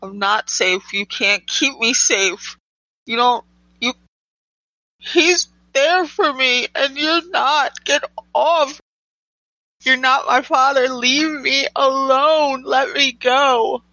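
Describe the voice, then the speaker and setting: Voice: mid-range voice, fairly even intonation, slow, gravelly, hardly any pauses, bright, forceful tone, no echo, lo-fi sound, full character voice. A tabletop player voicing Cookie, a desperate, defiant young woman who screams to be let go. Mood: frantic pleading.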